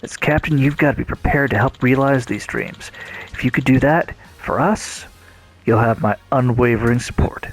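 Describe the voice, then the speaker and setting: A gamer doing a hearty, easygoing pirate sailor in a strange, unplaceable accent, with a gravelly edge under his middle-pitched voice. The dialogue is read aloud straight off the screen. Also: moderate pace, close to an everyday voice, rough recording. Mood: eager. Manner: odd put-on accent, hearty. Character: easygoing male pirate crewmate, adult. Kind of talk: reading game dialogue aloud.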